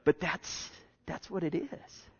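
A male pastor preaching a sermon in a conversational way, repeating himself and jumping from hushed asides to loud bursts. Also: a little high, slow pace, husky. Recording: dull lo-fi sermon recording.

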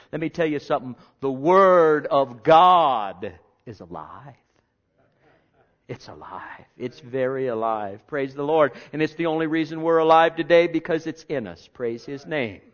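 A man preaching a sermon, reading scripture and then talking with big swings from loud declarations to hushed, almost whispered lines. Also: on the high side, fairly quick, hardly any pauses. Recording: dull lo-fi sound.

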